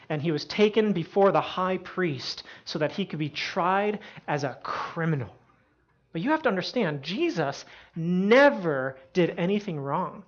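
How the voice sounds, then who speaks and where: Low-voiced woman telling a Bible story. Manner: animated, dramatic, with asides to listeners. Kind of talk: lively sermon storytelling. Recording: dull lo-fi sound.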